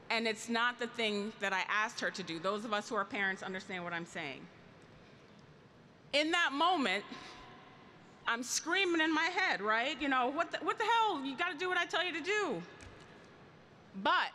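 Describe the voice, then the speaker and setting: A woman's voice: on the high side, pushed and bright, big-room sound, a little hiss or hum. A middle-aged woman and union leader giving a rousing convention speech, drawing the crowd in with call-and-response questions. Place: large convention hall.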